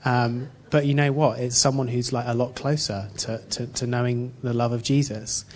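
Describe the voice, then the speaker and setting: A man's voice: mid-range voice, steady tone, a little mellow, slight background noise. Earnest man giving an informal sermon. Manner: earnest and halting, frequent restarts. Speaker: church speaker. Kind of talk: informal sermon with personal story.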